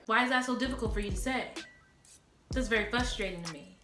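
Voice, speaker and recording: Woman vlogger, blunt impassioned rant to camera, higher voice, music bed behind. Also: fast talker, sharp tone. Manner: blunt, talks straight to viewers. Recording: echoey room with background music.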